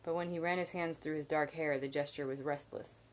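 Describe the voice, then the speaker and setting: Low-voiced woman reading a novel aloud. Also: fairly even intonation. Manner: measured, with occasional slips and restarts. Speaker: reader.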